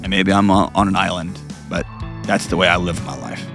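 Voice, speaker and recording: A man's voice: sits low, steady tone, creaky, music in the background. A man hosting an advice call-in show, earnest and emotional. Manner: earnest, emotional, pauses heavily. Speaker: radio show host.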